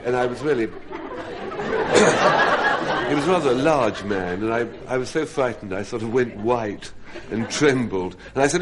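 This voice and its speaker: A man spins a self-mocking comic story for a studio audience, and his voice rises and falls in big swoops. It comes through as a 1970s radio broadcast. Loud audience laughter fills the gaps. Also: mid-range voice, animated, normal speed, a loud crowd, very noisy. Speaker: comedy panelist.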